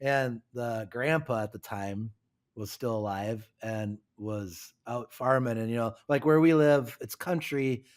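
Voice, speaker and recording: A man co-hosting a podcast, telling stories in a lively, casual and profane way. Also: medium pitch, a little slow. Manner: animated storyteller, casual and profane. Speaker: podcast co-host.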